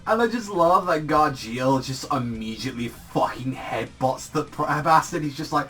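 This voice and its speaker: A man's voice: on the high side, expressive, normal speed, few pauses, a bit bright, recorded from a distance, soft background music. A young British man reviewing manga in a casual vlog, rambling and swearing, with lots of fillers. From Britain.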